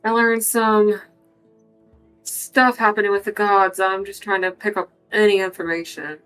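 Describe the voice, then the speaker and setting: A woman's voice: medium pitch, steady tone, a little slow, a bit bright, clean tone, faint music behind, rough recording. A woman playing a tabletop game in a casual, blunt way, swearing and pressing with questions. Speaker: player. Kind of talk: casual tabletop role-play.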